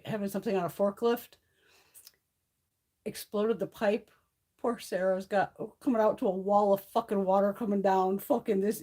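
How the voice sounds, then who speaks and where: Hosting a beauty livestream from a home on a mountain, a woman chats casually with viewers, swearing freely, staying blunt and laughing often. Her voice is medium-pitched and a little mellow.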